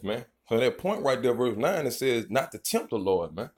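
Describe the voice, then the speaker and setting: A man's voice: mid-range voice, very animated, normal speed, hardly any pauses, a little mellow. A man preaching an informal, profane sermon. He reads scripture verses, then riffs on them in a rambling, emphatic way and keeps tagging lines with "man". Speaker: street preacher.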